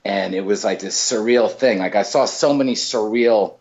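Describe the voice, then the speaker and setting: A male comedian telling stories in a casual chat, talking in quick bursts with lots of fillers and restarts. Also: fairly low pitch, highs cut off. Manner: animated storyteller, many fillers and restarts. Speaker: comedian guest.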